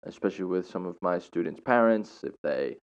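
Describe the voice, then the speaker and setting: A very low-voiced young man spins a casual story, dramatic and full of slang. The sound is dull and lo-fi. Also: fairly quick. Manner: animated, slangy, dramatic retelling. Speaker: teacher. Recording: dull lo-fi recording.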